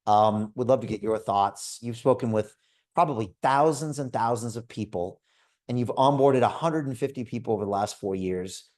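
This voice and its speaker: This is a man in his fifties leading a crypto investment club on a group video call, giving a rousing sales pitch at normal speed. He sounds direct and energetic and keeps referring to his listeners as folks.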